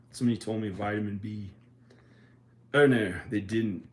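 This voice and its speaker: A man vlogging in a rambling, halting way, full of restarts, sounding tired and short on sleep. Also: on the low side, fairly even intonation, a little mellow, echoey room, recorded from a distance, slight background noise, rough recording. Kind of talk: rambling casual monologue to camera.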